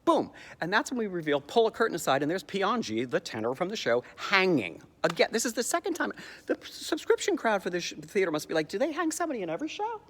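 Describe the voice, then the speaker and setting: A man giving a sarcastic comic recap of a stage musical's plot, jumping into high squeaky voices to mock the characters. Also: very animated, fast, a bit bright, big-room sound. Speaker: comedic theatre commentator.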